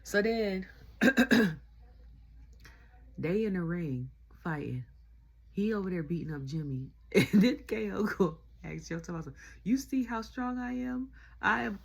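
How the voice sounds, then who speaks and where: A woman's voice: mid-range voice, takes it slowly, vocal fry, long pauses, breathy edge. A woman recapping a wrestling show in a casual rant, laughing often and acting out quotes. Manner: laughs often, animated retelling with quoted voices.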